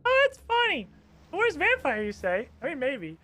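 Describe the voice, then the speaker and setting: A smug, boastful male vampire who mocks a rival in a shrill voice, as a man puts him on. Faint music plays underneath. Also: wildly swooping pitch, moderate pace, bright, forceful tone, heavily acted. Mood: mocking. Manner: mocking and boastful.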